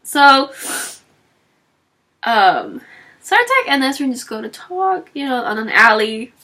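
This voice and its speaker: A book reviewer with a high-pitched voice speaks slowly in a casual, animated book talk. She acts out the characters' lines and chats along with frequent fillers and laughs.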